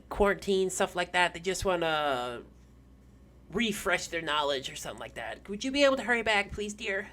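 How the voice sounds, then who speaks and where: A woman's voice: sits low, fairly bright tone. A woman voicing a forgetful old female librarian who stammers and repeats her words.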